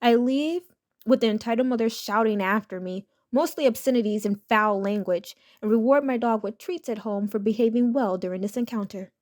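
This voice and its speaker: A woman reading online stories as a scripted narration, in a steady, matter-of-fact way. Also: a little high, brisk.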